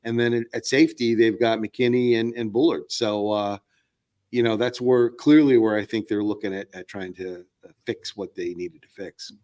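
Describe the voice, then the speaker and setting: A man's voice: fairly low pitch, fairly even intonation, normal speed, a little mellow. A man appearing as a podcast guest, talking sports in a casual, rambling way with many fillers and restarts.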